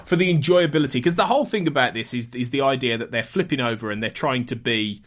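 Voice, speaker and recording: A man hosting a podcast, talking in a chatty, animated way with frequent restarts. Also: medium pitch, quick pace. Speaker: podcast host. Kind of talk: casual chat.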